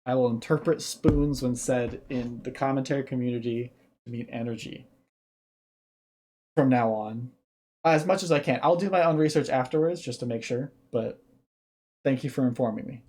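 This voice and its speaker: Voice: mid-range voice, normal speed, mellow, slight background noise. A streamer giving casual reaction commentary, thinking aloud and explaining ideas at length.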